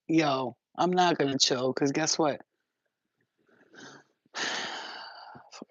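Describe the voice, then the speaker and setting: A livestream host talking casually and cursing freely, breaking into quick impressions of other people. The voice sits in a middle pitch. The recording is dull and lo-fi, with a dry sound. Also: no echo. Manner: profane, animated, acts out other people's voices.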